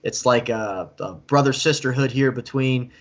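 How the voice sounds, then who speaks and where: A man's voice: medium pitch, moderate pace, muffled recording. A man hosting a casual live-stream interview, chatty and enthusiastic, often repeating himself. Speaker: host.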